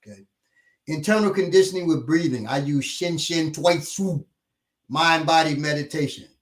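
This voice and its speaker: A man casually explaining self-defense, lively, acting out scenarios with quoted lines. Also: a little high, moderate pace, distant mic. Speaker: martial arts instructor. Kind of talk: casual conversation. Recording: echoey room, off-mic.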